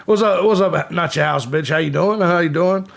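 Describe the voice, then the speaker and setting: A man hosting a casual live stream, talking loudly and breathing audibly, swearing freely and greeting viewers in the chat by name, with his desk mic pushed back from his mouth. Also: on the high side, normal speed, gravelly.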